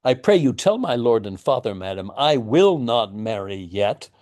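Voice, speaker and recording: A man's voice: medium pitch, sing-song, moderate pace, a little mellow, lightly acted. A man reading the part of a desperate young girl, urgent and pleading. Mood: defiant.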